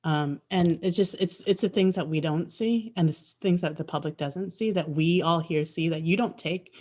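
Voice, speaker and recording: A woman's voice: on the low side, moderate pace, darkish tone. Woman, school trustee, rambling, restarts sentences, video call. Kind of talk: thanks at a virtual board meeting.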